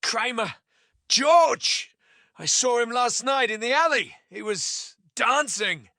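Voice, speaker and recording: A man voicing an excitable, eccentric male neighbor who talks in high, breathless bursts. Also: slow pace, no echo, clean studio sound, exaggerated voice. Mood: excited.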